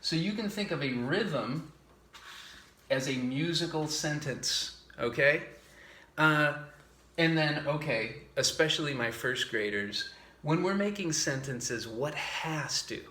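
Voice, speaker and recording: A man's voice: mid-range voice, bright, forceful tone, roomy sound, slight background noise. A man teaching a music class to young children, patient and simple, chanting rhythm syllables as he explains.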